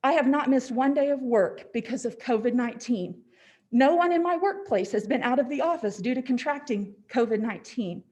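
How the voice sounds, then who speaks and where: A woman's voice: a little high, darkish tone. A woman giving a prepared public comment at a city council meeting, firmly stating objections one after another, a little short of breath. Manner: firm, repeated "I am against" statements.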